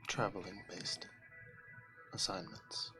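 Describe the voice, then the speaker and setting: A man playing his character at a tabletop game, giving quiet, terse, flat replies. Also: low voice, slow pace, faint music behind. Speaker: player.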